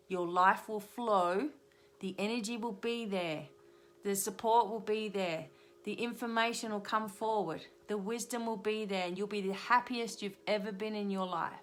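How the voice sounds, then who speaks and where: A middle-aged woman, a spiritual reader and hypnotherapist, gives a live-streamed tarot reading in an earnest, repetitive coaching tone, picked up by a webcam or phone. Her voice is medium-pitched, a bit bright, and a little slow.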